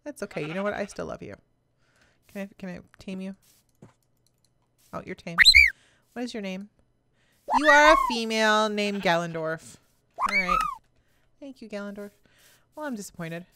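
An excitable woman narrates her gameplay in a high voice that leaps all over the place. She gushes at characters and creatures on screen. A steady hiss of noise sits under the recording. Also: moderate pace, pauses often. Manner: bubbly, excitable, chats to game characters and animals. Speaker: let's play host. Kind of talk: casual gameplay commentary.

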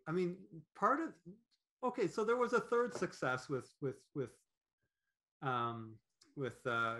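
A man talking as a podcast guest in an animated, rambling way, with many fillers and restarts. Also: medium pitch. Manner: animated, acts out quoted thoughts in voices. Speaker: podcast guest, business owner. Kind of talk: conversational interview.

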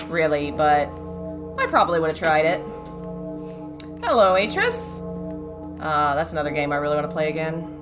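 A woman streaming a horror game, giving casual, rambling commentary and thinking out loud as she plays. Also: fairly low pitch. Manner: chatty, rambling, thinks aloud. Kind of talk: live gameplay commentary.

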